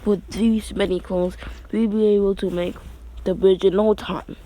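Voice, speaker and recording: A guy doing a gruff old bridge builder. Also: high voice, level tone, normal speed, warm tone, natural voice, rough recording.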